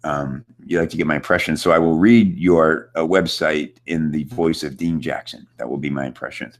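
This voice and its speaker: A man with a remarkably deep, low voice hosts a live online coaching chat. He talks in a loose, upbeat way, full of fillers, and speaks to viewers from his computer. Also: steady tone, moderate pace. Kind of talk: casual coaching chat, reading viewer questions. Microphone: computer setup with screen share.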